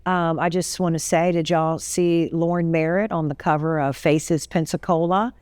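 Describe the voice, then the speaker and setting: Lady hosting, warm and chatty, smooth clear voice, dry sound. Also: low voice, fairly even intonation, normal speed, no echo. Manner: warm, affectionate, lots of yeahs. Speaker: host. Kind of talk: interview talk show.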